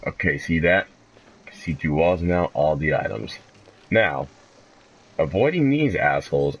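Low gravelly man shrieking through a horror game. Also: a little hiss or hum. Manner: jumpy, shrieks high when startled; profane, joking, self-mocking. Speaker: gaming channel host. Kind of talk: let's play commentary.

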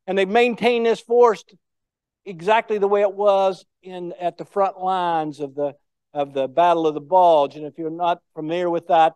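A man's voice: high voice, a little mellow, clear, resonant tone, no echo. An older man giving a speech, telling war stories in a folksy, anecdotal way. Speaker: guest speaker. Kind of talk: storytelling speech.

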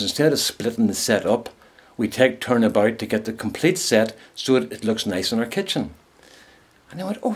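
A man's voice: mid-range voice, slightly rough. A man casually telling a funny personal anecdote, rambling along and chuckling at his own story.

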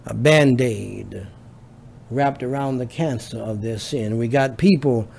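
A man's voice: medium pitch, slow, gravelly, darkish tone, slight background noise. A man preaching a sermon as pastor, building emphasis through repetition.

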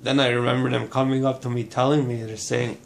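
A man from Manitoba, Canada, giving a personal testimony in a halting, restarting way, blunt and swearing at times. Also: mid-range voice, level tone, vocal fry, a little hiss or hum. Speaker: burn survivor telling his story.

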